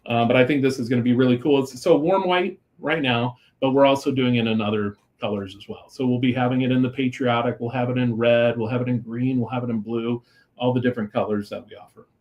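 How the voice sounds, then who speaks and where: Male podcast guest, mid-pitched, relaxed, talkative, filler-heavy. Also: fast, dull audio. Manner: relaxed and talkative, with many fillers and "you know". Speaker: guest, lighting company executive. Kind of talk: casual interview chat.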